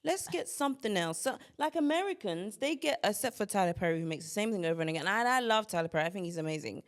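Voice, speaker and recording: A woman's voice: medium pitch, expressive, quick pace. A young woman from Kent hosting a podcast, chatting casually, blunt and opinionated, acting out friends' voices between laughs. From Kent, England. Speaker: podcast host.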